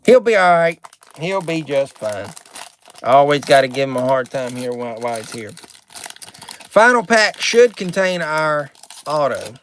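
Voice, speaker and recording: A man's voice: a little high, sing-song, normal speed, fairly bright tone, a little hiss or hum. A man hosting a live card break stream, chatting, reading out names and card numbers, and sometimes getting irritated.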